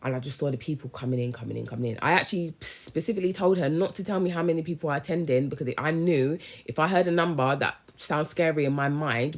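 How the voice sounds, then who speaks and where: Speaking in a low voice, a young woman who coaches people in business talks casually and with lots of energy to her audience over a handheld phone live stream. Her speech is heavy on slang and aimed straight at the viewers.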